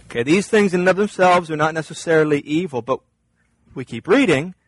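A man preaching a sermon, reading scripture and explaining it earnestly, his voice climbing and growing louder when he presses a point. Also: lively intonation, brisk, poor audio. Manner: earnest preaching, rises in pitch and volume when stressing a point. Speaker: pastor.

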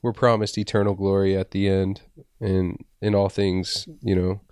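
Deep-voiced man hosting, dry close sound. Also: level tone, moderate pace, darkish tone, clear, resonant tone, dry recording. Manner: affirming, friendly, uses "man" often. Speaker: podcast host. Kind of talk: casual interview chat.

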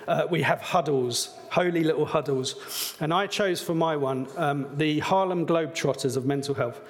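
A man's voice: fairly high pitch, long reverb tail. A man preaching a sermon in an earnest, conversational way, with some fillers. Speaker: pastor.

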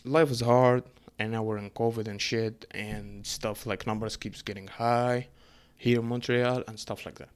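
A young man from Egypt, telling a story in a casual, profane, rambling rant full of fillers and quick bursts. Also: fairly low pitch, fairly even intonation, clear, resonant tone.

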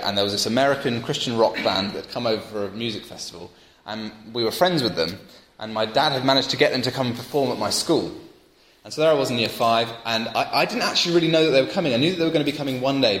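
A young Englishman delivers a sermon, weaving in personal stories and pressing his points with rising emphasis. His voice sits at a middling pitch and rings out in a large church hall with a long, lingering reverb. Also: fast. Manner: storytelling, animated, builds to emphatic peaks. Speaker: preacher.

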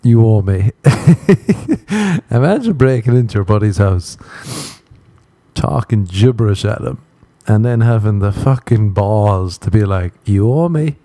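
A podcast host tells crude, rambling stories in a casual comic monologue, acting out the quotes as he goes. His lowish, mellow voice has lively intonation and a measured pace, with no room sound.

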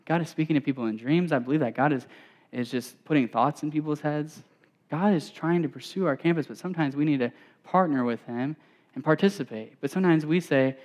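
A young man preaching to students as a campus pastor, telling stories in a conversational way, full of asides and quick restarts. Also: fairly high pitch, darkish tone. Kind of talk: conversational sermon. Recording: dull, reverberant hall sound.

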